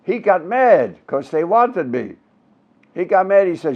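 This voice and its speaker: A man's voice: high voice, very animated, measured pace, darkish tone. A man in his nineties from Brooklyn, telling showbiz anecdotes with punchlines in a casual interview. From Brooklyn, New York. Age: 90s. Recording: dull lo-fi recording.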